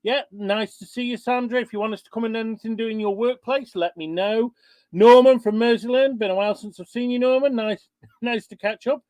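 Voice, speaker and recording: A man's voice: extremely high pitch, fairly even intonation, fairly quick, darkish tone, dry recording. A man hosting an online webinar over a video call, chatty and informal as he greets attendees. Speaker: webinar host.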